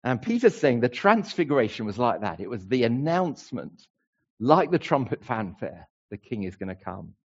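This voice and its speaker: A man's voice: medium pitch, very animated, moderate pace, husky, lo-fi sound. A man preaching a sermon to a congregation, emphatic and playful. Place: church hall with a congregation.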